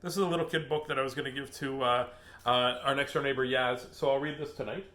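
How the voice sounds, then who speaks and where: A man's voice: medium pitch, steady tone, fast, a bit bright. A middle-aged man hosting a casual book reading, rambling and laughing as he gets sidetracked. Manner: laughing, chatty, easily sidetracked. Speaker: host reading children's books aloud.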